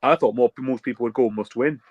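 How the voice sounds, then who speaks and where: A man's voice: mid-range voice, quick pace, husky, no echo, highs cut off. A man co-hosting a casual football podcast, jokey and chatty. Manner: chatty, jokey, rattles off team lineups. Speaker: podcast co-host. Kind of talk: casual chat.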